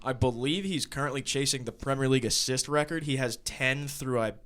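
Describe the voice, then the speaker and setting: An American man co-hosts a casual soccer chat show, drifting through stories with plenty of fillers and easy laughs. His voice is smooth and clear, sitting at an ordinary pitch for a man. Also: fairly quick, fairly bright tone. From United States. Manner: storytelling, laughs often, many fillers. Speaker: podcast co-host.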